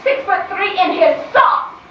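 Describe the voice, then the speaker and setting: Stage play: actress as a melodramatic neurotic woman, high drawn-out voice, muffled distant hall. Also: animated, slight background noise. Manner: melodramatic, gushing. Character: neurotic, theatrical middle-aged sister-in-law.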